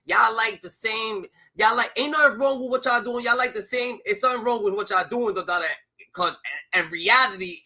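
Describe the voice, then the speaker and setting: Young guy streaming, super high sharp voice, cussing and repeating his catchphrase nonstop, gets shouty. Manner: repeats a catchphrase tic constantly, profane, escalates to shouting. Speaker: live streamer. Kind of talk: heated livestream rant.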